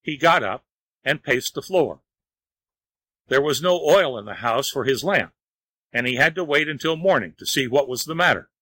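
A man narrating a storybook tale in a measured, even reading voice. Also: medium pitch, dry recording, rough recording.

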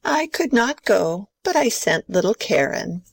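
A woman's voice: medium pitch, sing-song, measured pace, gravelly, breathy edge, no echo, heavily acted. A woman playing a strict, proper old grandmother who scolds sternly. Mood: prim. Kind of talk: amateur play reading.

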